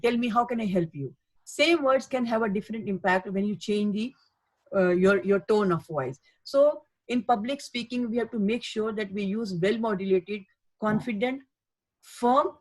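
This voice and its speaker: A woman's voice: mid-range voice, poor audio. A woman giving a webinar lecture as a healthcare communication trainer, earnest and repetitive in her emphasis. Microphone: webinar microphone.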